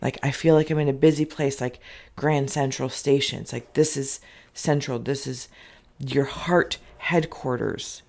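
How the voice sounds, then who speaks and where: Gravelly, rambling spirit reader. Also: mid-range voice, steady tone, a little slow. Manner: rambling and emotional, drifting into soft half-whispers; loose, repetitive phrasing with many fillers. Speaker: spiritual reader hosting an inkblot reading channel. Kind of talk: channeled spirit reading, spoken freely.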